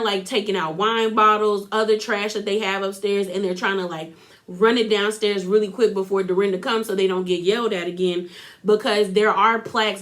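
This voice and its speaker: A woman giving a casual, opinionated recap of a reality TV episode, talking loosely with lots of "like" and acting out what people said. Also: mid-range voice. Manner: chatty, full of "like" and opinions, acts out quotes.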